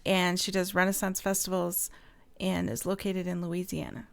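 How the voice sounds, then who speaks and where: A woman's voice: fairly low pitch, little pitch movement, moderate pace, creaky. A woman co-hosting a livestreamed podcast over a video call, teasing with dry humor. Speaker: podcast co-host. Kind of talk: casual livestream podcast chat.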